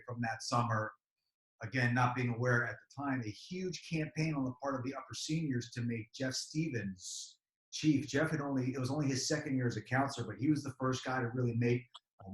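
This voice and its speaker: Man, 50s, alumnus guest, nostalgic storytelling, roomy echo. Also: mid-range voice. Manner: animated when recalling cheers. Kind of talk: reminiscing interview answers. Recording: echoey room.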